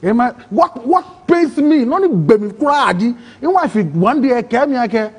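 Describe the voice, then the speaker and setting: A man with a Ghanaian English accent, telling his own story in an interview, excitable and acting out other people's words. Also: very high voice, moderate pace, breathy edge. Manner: excitable, acts out quoted voices, broken phrasing. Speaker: interview guest. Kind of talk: emotional personal storytelling.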